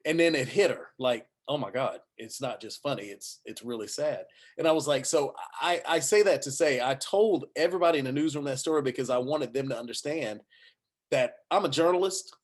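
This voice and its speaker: Speaking briskly at medium pitch, a man who anchors the news recounts a personal story on a panel. He brings it to life by acting out each quote.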